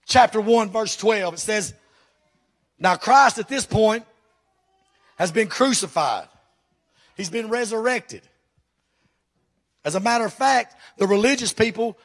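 A man preaches to his congregation, his voice pitched high for a man. He is fervent and emphatic and keeps putting questions straight to the church. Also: animated, unhurried, long pauses. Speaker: pastor. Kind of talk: sermon.

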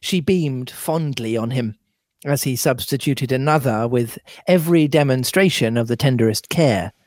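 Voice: medium pitch, normal speed, no room sound. A podcast co-host reading a novel aloud and laughing often in the breaks. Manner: lively, laughs often between passages.

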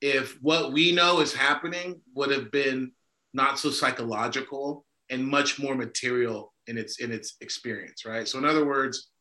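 A man's voice: mid-range voice, normal speed, sharp tone. A man co-hosting a podcast, talking emphatically and discursively, often checking in with "right?". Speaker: podcast co-host. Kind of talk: conversational discussion. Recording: echoey room.

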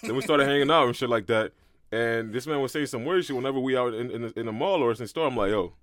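A young man from Brooklyn, co-hosting a podcast in slangy, animated casual chat. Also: medium pitch, dry recording, clean studio sound. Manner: fast, slangy, animated storytelling. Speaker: podcast co-host.

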